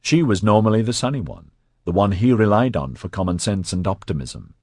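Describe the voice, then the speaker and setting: A man narrating an audiobook in a steady, even storytelling manner on a close studio mic. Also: on the low side, fairly quick, dry recording. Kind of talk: scripted narration.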